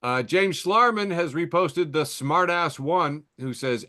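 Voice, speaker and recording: A man's voice: on the high side, expressive, takes it slowly, hardly any pauses, sharp tone. A man hosting a podcast, reading memes aloud with wry, chuckling asides in a loose, conversational way. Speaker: podcast host.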